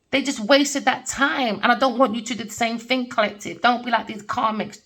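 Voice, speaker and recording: A woman's voice: fairly high pitch, steady tone, moderate pace, hardly any pauses, sharp tone. A middle-aged woman giving a rambling spiritual tarot reading, blunt and swearing freely, often breaking into laughter. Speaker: tarot reader. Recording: voice distant from the mic.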